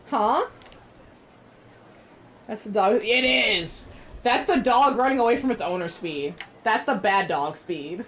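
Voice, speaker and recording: A woman's voice: medium pitch, animated, takes it slowly, long pauses, fairly bright tone, a little hiss or hum. A woman streamer chatting playfully while she plays a game and reads its text aloud. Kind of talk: casual gameplay commentary.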